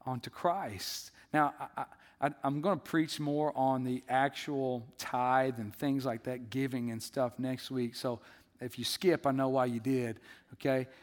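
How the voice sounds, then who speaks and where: A man preaching a sermon as the pastor, in a conversational, animated storytelling way. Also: mid-range voice, a little slow, big-room sound.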